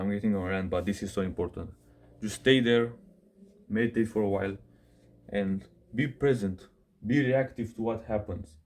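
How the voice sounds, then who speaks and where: A man's voice: lowish voice, darkish tone. A young man, a self-improvement coach, giving casual advice straight to camera in a blunt rant, swearing, saying "bro" often and correcting himself mid-sentence. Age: young adult.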